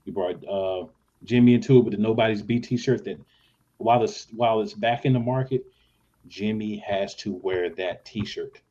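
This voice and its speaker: Low-voiced man on a lo-fi podcast line. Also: moderate pace, mellow. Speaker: podcast host. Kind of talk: casual chat. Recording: dull lo-fi audio.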